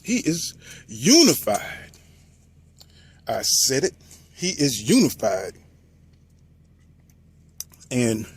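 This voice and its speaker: A man talking boxing in a loose, storytelling way, with a husky, slightly rough voice. His pitch swings widely as he gets animated, and he slips into mocking voices for the people he quotes. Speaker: boxing commentator. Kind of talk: casual boxing talk.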